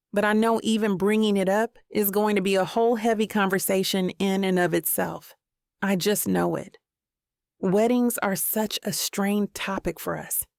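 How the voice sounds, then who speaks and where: A woman's voice: medium pitch, vocal fry, no echo, clean studio sound. A woman narrating a first-person romance audiobook in a wry, self-questioning inner voice.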